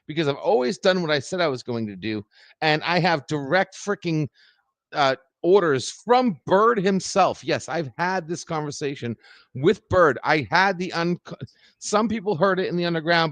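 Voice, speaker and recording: A man's voice: fairly high pitch, fairly bright tone, dry recording. Profane, heated ranting man. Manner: heated, profane, repeats himself. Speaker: live streamer. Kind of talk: angry ranting livestream.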